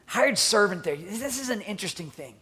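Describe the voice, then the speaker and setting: A man preaching a sermon, swinging between loud urging and hushed near-whispers, often repeating words as he restarts phrases. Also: high voice, sing-song, a little fast, slightly rough. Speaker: pastor.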